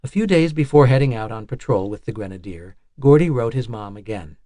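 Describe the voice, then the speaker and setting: A man reading a nonfiction audiobook in a measured, even narration style. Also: medium pitch, no echo, clean studio sound.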